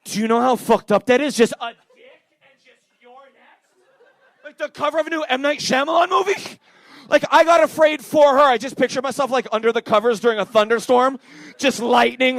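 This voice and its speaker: Young Canadian stand-up, high voice, rambling self-deprecating delivery, dry mic sound. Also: male voice, fairly quick, gravelly, dry recording. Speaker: stand-up comedian. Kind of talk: stand-up set. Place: comedy club stage.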